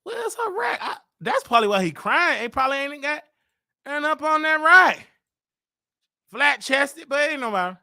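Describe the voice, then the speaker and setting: A man hosting a comedy show, ranting with exaggerated indignation and bursts of shouting. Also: very high voice, animated, moderate pace, gravelly.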